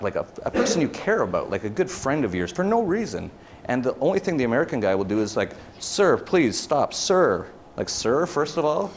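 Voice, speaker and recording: A man's voice: medium pitch, a little hiss or hum. A man giving a casual conference talk, rambling with many fillers and restarts. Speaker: conference speaker. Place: conference hall.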